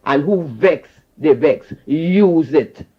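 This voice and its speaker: A Trinidadian man calls in to a talk radio show and rants in a fiery, preachy way, repeating his points. His voice sits high and swings widely. The phone line sounds a little muffled. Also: expressive, takes it slowly. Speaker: caller. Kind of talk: call-in radio rant.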